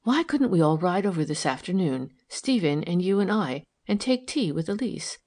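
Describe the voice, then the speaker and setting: A woman reading an audiobook, voicing a gentle, eager wife who talks breathlessly and tenderly. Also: lowish voice, big pitch swings, normal speed.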